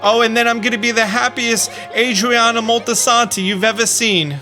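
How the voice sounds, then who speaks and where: A man's voice: extremely high pitch, steady tone, normal speed, bright, forceful tone, faint music behind, pitched above the performer's own voice. A man voicing a lovesick young woman in a put-on Staten Island accent, whiny and melodramatic. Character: lovesick young woman, dramatic mob daughter.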